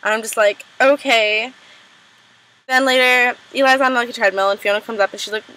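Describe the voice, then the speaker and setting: A young woman casually recapping a TV episode, full of "like" and "um", quickly acting out characters' lines. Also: on the high side, fairly even intonation, pushed and bright, low-quality recording. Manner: chatty, lots of "like" and "um", acts out lines in quick impressions. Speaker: recap vlogger.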